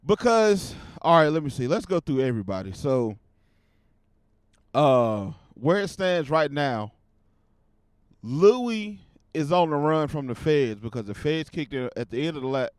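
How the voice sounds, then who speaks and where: A man hosting his own podcast, giving casual commentary in a profane, animated rant. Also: fairly high pitch, a little slow, dry recording, studio quality. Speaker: podcast host.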